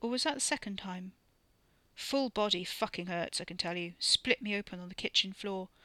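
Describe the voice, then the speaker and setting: A woman's voice: mid-range voice, normal speed, pushed and bright, dry recording, close to an everyday voice. A woman doing a blunt, crude young man. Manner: gruff, offhand, swearing casually.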